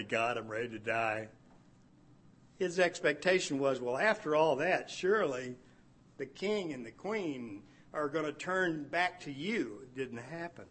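A man preaching in a relaxed, conversational way, his voice sitting in an ordinary middle range. He poses rhetorical questions to the congregation and lets small laughs slip in as he talks. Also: medium pitch. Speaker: pastor. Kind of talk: sermon.

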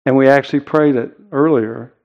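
A man preaching a sermon in an earnest, emphatic way, with deliberate pauses. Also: medium pitch, fairly even intonation, gravelly, lo-fi sound. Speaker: pastor.

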